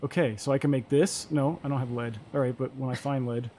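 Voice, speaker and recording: A man talking casually through a survival game, musing aloud as he plays. His pitch sits in an ordinary middle range, and a faint hiss runs under the recording. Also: fairly even intonation, a little fast, mellow. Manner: chatty, musing aloud while playing. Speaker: gamer playing on stream. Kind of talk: casual let's-play chat.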